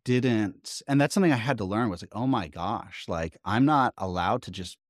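A man's voice: fairly low pitch, normal speed, dry recording, clean studio sound. A man in his thirties hosting a podcast, speaking thoughtfully and conversationally and asking probing questions. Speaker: podcast host. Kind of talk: casual podcast interview.

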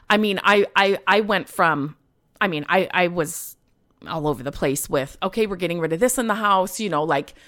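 A woman podcast host tells a personal story in a rambling, emotional way, full of fillers, and is choked up at times. Her voice is fairly low in pitch with a fairly bright tone.

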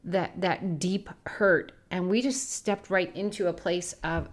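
Earnest low-voiced woman telling a story. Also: fairly even intonation, takes it slowly. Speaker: podcast co-host. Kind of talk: faith podcast conversation.

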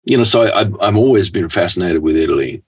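A middle-aged man talking as a guest in a relaxed, rambling conversation, laughing often. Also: low voice, quick pace, husky. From Australia. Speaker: guest author.

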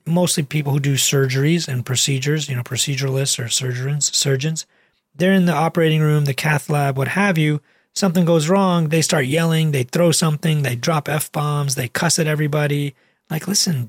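Male doctor, casual vlog, husky and pitched a bit high, keeps it slangy and emphatic. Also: normal speed, no echo, clean studio sound. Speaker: physician.

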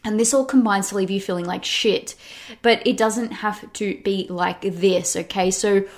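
A young woman hosting her own podcast, talking casually and chattily, with lots of "like" and quick restarts. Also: medium pitch, fairly even intonation. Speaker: podcast host. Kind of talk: casual solo podcast talk.

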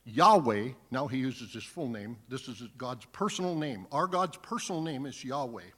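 A man's voice: mid-range voice, animated, moderate pace, a bit bright, slightly rough. A man preaching a sermon, reading scripture aloud and then earnestly explaining it. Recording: long hall reverb.

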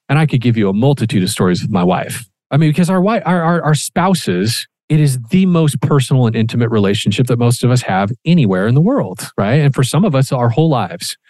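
Podcast co-host, male, mid-pitched, lively storyteller who swears casually, dry booth sound. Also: no echo. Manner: animated, acts out quoted dialogue, swears casually.

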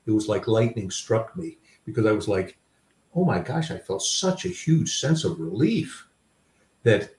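A man's voice: lowish voice, very animated, measured pace, a little mellow. An older man, a grandfather and author, telling stories from his life in a reflective, self-deprecating way with many fillers and restarts. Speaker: guest author. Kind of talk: storytelling in a conversation. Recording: roomy sound, a bit far from the mic.

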